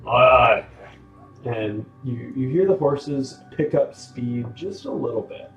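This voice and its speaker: A man's voice: medium pitch, lively intonation, measured pace, warm tone, dull audio, faint music behind. A man running a tabletop game as game master, narrating casually with frequent restarts, recorded in an echoey room. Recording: echoey room, faint noise.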